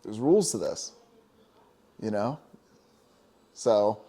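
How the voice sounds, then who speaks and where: A man's voice: medium pitch, moderate pace, warm tone. A man co-hosting a casual spiritual talk show, talking emphatically and preaching, with many "you know?" asides. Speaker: podcast co-host.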